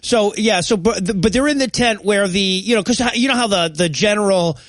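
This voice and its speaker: A man's voice: high voice, normal speed, a bit bright, no echo. A man co-hosting a comedy podcast, giving wry, mocking commentary in casual banter.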